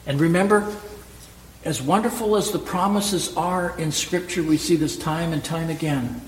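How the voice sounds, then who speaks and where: A man's voice: on the high side, normal speed, a little hiss or hum. A man preaching a sermon as pastor, emphatic, asking rhetorical questions and repeating key words. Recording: echoey hall with long reverb, faint ambience.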